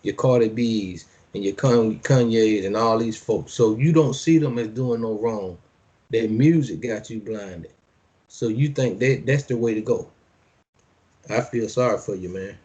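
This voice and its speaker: A man preaching a sermon, reading verses slowly and solemnly, then commenting in loose, slangy everyday speech and repeating phrases for emphasis. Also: on the low side, mellow.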